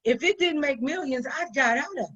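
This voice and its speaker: A woman's voice: high voice, lively intonation, normal speed, fairly bright tone. A woman business owner giving conversational business advice in an emphatic way, often repeating her points for stress. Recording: dull lo-fi sound.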